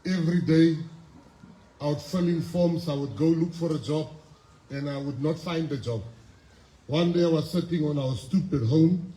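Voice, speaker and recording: A South African man in his fifties giving a motivational speech at a school, telling his story emphatically, with repeated phrases and pauses. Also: fairly high pitch, dark tone. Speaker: guest speaker at a school. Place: school assembly hall. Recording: echoey hall with faint ambience.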